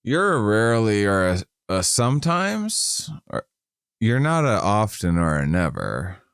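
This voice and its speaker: Very deep, smooth-voiced rambling man. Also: wildly swooping pitch, unhurried, a bit bright, no room sound, clean studio sound. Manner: rambling, self-deprecating, reads survey questions aloud. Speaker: podcast co-host. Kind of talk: casual podcast chat.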